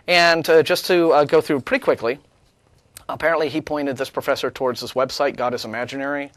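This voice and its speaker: A man's voice: medium pitch, animated, fast, a bit bright, no room sound. A man co-hosting a talk show, reading out an email and tearing it apart with sarcasm, often restarting his sentences. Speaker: co-host. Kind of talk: casual chat, reading and rebutting an email.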